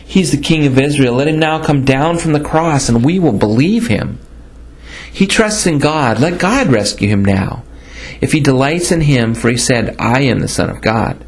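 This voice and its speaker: A man reading scripture aloud in a steady, plain manner, now and then stumbling over a word and correcting himself. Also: medium pitch, normal speed, rough recording.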